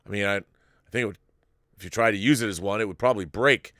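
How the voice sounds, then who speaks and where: A man hosting a live-stream show, reading viewer messages and riffing on them in a rambling, animated way with frequent restarts. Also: on the low side, fast talker, dry recording, clean studio sound. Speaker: show host reading viewer super chats. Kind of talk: casual live-stream commentary.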